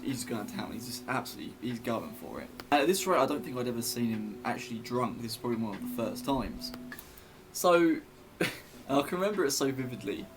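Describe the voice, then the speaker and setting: Chatty young man. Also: medium pitch. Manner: rambling and chatty, many fillers and restarts. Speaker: vlogger telling a story. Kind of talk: casual storytelling.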